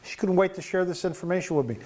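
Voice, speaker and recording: A man's voice: high-pitched, fast talker, darkish tone. A man preaching a sermon as pastor, in a conversational way, often chuckling and restarting his sentences.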